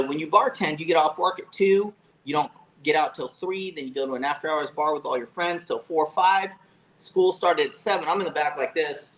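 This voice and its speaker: A man in his fifties from Florida, telling stories as an interview guest in a casual, profane, animated way with frequent fillers. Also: fairly high pitch, poor audio. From Florida, USA. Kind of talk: casual storytelling.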